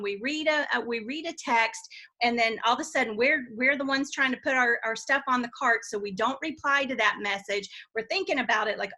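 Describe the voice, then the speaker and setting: A woman's voice: on the high side, sharp tone. A middle-aged woman giving a chatty sales training talk, often checking in with her listeners with questions.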